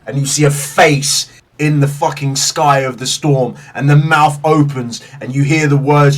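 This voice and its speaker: Game master guy, slow dramatic narration, sounds a bit far from the mic, faint hiss. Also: fairly high pitch. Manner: vivid, swears freely, slow deliberate narration.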